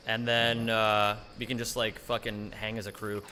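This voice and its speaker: A man's voice: lowish voice, completely flat delivery, moderate pace, bright, forceful tone. A man live-streaming a speedrun, chatting casually in a joking, rambling way with playful swearing. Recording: noisy stream audio.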